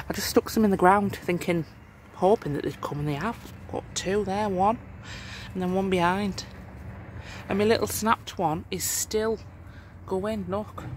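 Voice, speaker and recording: Home gardener, casual vlog walkthrough, chatty, exclaiming, middle pitch, faint background hum. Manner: chatty, exclamatory, easily amazed. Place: inside a warm garden polytunnel.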